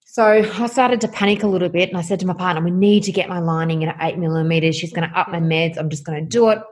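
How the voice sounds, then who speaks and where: A woman's voice: fairly low pitch, fast. A woman, a guest candidly telling a personal story and acting out the conversations in it. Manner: animated, acts out quoted dialogue. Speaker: guest sharing her story.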